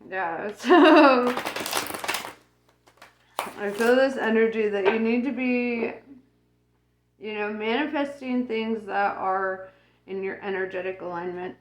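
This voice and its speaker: A woman's voice: mid-range voice, a little hiss or hum. A woman giving a casual tarot reading who rambles with lots of fillers and laughs often. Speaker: tarot reader. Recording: roomy echo.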